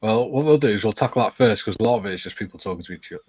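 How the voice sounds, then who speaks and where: Lively husky man quipping on a call. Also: on the low side, very fast. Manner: dry quips, keeps the call on track. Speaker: co-host. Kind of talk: casual chat on a video call. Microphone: video call.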